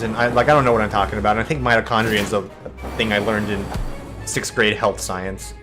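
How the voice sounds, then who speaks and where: A young man talks casually over a card game he is playing, drifting into a story about people criticizing his diet. He tells it with animated swings in pitch and puts on exaggerated voices for the people he quotes. Soft music plays faintly underneath. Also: fast. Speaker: gaming video host. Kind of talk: casual commentary over gameplay.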